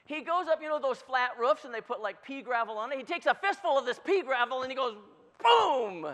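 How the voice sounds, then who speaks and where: A preacher giving a conversational sermon, telling a story in an animated, chatty way. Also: high-pitched, fast. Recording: long hall reverb.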